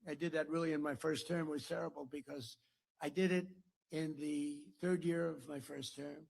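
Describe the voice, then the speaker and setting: Gravelly older American man, boastful rambling. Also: a little high, fairly even intonation, normal speed, darkish tone. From United States. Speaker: political speaker. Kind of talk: after-dinner speech. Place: dinner hall.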